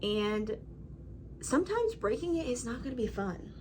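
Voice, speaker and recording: A woman's voice: fairly high pitch, big pitch swings, normal speed, noisy background. A woman talking to her camera at home in a casual, rambling monologue. She is emphatic and keeps checking in with "right?" and "you know". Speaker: vlogger.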